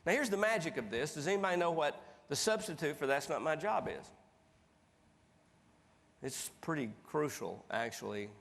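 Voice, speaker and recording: Male motivational speaker, animated folksy storyteller, onstage in a big reverberant hall. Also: on the high side, moderate pace, vocal fry, pauses often. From East Tennessee. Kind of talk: storytelling keynote speech. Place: large conference hall stage.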